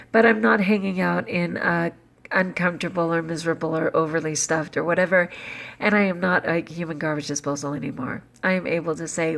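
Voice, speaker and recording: A middle-aged woman vlogging casually to camera, candid and animated, with lively jumps in pitch. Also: gravelly.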